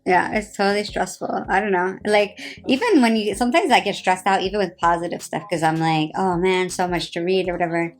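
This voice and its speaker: On a casual live stream, a 30-something reality TV personality from New Jersey talks at a brisk clip, hardly pausing. Her voice sits at medium pitch, her chat rambles with plenty of "like," and she comes across as worn out and sarcastic over faint background music.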